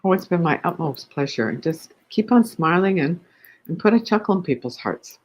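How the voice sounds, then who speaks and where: Husky-voiced woman telling a joke. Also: lowish voice, normal speed, low-quality recording. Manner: animated joke-teller. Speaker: guest. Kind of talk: interview conversation.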